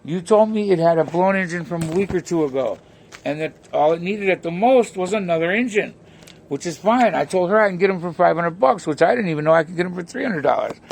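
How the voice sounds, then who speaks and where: A man's voice: high voice, expressive, fast talker, vocal fry, slight background noise. A man vlogging an angry, profane rant, telling a story packed with insults. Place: home, near a pet cat.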